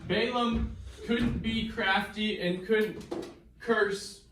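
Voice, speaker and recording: A man's voice: high voice, very slow, noisy background. A man, a pastor, teaching an acted-out Bible lesson and quizzing his audience, in a church. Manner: animated, asks audience questions. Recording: echoey room from far off.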